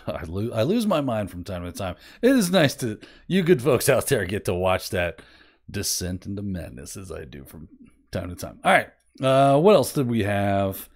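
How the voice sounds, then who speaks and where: A man hosting a casual screen-share software demo, rambling and self-deprecating as he thinks aloud. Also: fairly low pitch, big pitch swings, normal speed. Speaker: host.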